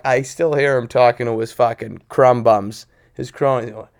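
A man's voice: mid-range voice, fairly even intonation, a little slow. Male co-host, casual chat, cusses constantly, acts out voices in his stories, petty and combative. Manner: petty and confrontational. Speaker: podcast co-host.

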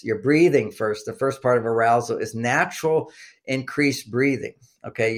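An older man, a guest expert on relationships, explaining in casual interview talk with frequent fillers and restarts and a coaching tone. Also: medium pitch.

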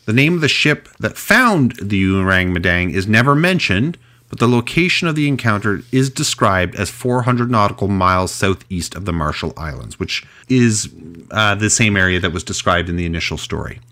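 Lively low-voiced male podcast host. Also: normal speed. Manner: animated, chatty, frequent restarts. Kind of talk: casual storytelling chat.

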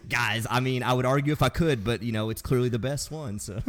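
A man hosting a casual gaming podcast, laughing often and rambling in a relaxed way. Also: mid-range voice, moderate pace. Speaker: podcast host.

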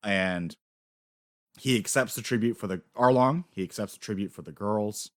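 Animated man recapping a show, dry sound. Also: fairly low pitch, normal speed, no room sound. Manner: excited, swears freely, acts out quotes. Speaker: podcast co-host. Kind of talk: casual anime recap chat.

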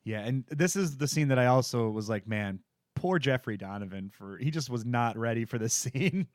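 A man's voice: medium pitch, lively intonation, moderate pace, dry recording, studio quality. A man co-hosting a podcast, recapping a TV episode in a rambling, jokey way with lots of fillers. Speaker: podcast co-host. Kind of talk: casual chat recapping a TV episode.

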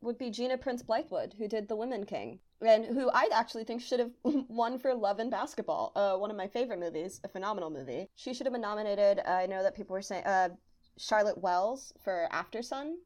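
A woman's voice: medium pitch, brisk. A woman co-hosting a podcast, talking films casually with lots of "like" and frequent laughter. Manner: animated, laughing, uses "like" often. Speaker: podcast co-host. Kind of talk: casual film chat.

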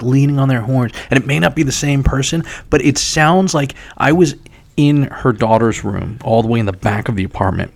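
A man in his forties with a New York accent, telling stories in a casual chat, animated, swearing and laughing often. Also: lowish voice, no room sound. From New York City area. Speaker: guest.

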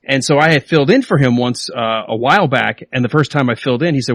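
A man hosting a podcast in casual chat, playful and quick to laugh, often slipping into silly voices. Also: medium pitch, animated, no echo. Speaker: podcast host.

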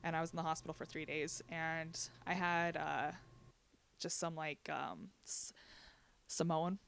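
Young woman chatting on a podcast, kinda low voice, laughs a lot, does little voices when quoting people. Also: measured pace, gravelly, slight background noise. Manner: laughs between lines, quotes others in lively voices. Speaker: guest sharing a personal story. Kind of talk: candid conversational storytelling.

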